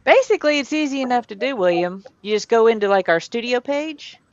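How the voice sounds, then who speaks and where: A man's voice: extremely high pitch, very animated, brisk, no echo. A man hosting a casual livestream, chatting and greeting viewers from the chat. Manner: chatty, reads chat aloud. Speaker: livestream host. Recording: dry, dull sound.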